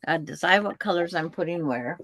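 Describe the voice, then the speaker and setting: A woman hosting a quilting livestream, chatting casually and calmly while she works. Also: on the low side, no echo. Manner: relaxed, chatty, drawn-out pace. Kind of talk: casual chat while crafting.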